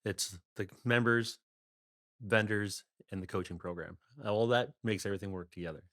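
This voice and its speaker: A man guest on a casual podcast, friendly and quick to joke. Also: fairly low pitch, fairly bright tone, no room sound, clean studio sound. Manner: friendly, joking. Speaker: podcast guest, marketing vendor.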